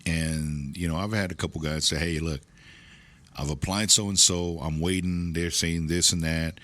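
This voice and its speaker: Very deep-voiced man rambling in chat. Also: fairly even intonation, moderate pace, a bit bright. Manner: rambling, many restarts and fillers. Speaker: dealership general manager, guest. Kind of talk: casual interview chat.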